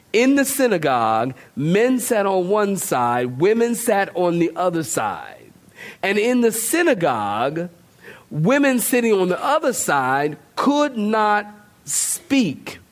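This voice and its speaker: High-voiced joking male preacher. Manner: conversational, joking with the congregation. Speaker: pastor. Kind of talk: sermon.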